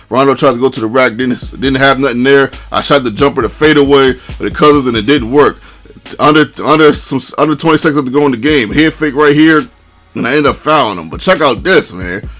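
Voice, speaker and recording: A man casually narrating his own basketball video game match, chatty and excitable, peppering his talk with "man". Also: medium pitch. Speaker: gaming commentator.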